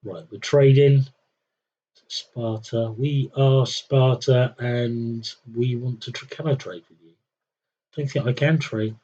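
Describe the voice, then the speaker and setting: A man's voice: medium pitch, slow pace, warm tone, slightly rough, highs cut off. A young man streaming a strategy game, thinking aloud with wry, muttered commentary. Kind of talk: casual live gameplay commentary.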